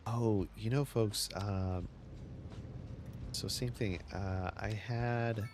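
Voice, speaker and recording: Streaming a city-building game over faint music, a man chats casually and tells a rambling, often restarted story. His voice is on the low side, steady and a little mellow, very slow, with a slight hiss or hum.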